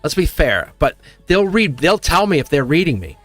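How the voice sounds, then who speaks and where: A man's voice: on the high side, big pitch swings, moderate pace, a bit bright, soft background music. A middle-aged man hosting a live tarot stream in casual chat, rambling, laughing often and saying "like" constantly. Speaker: tarot reader and livestream host.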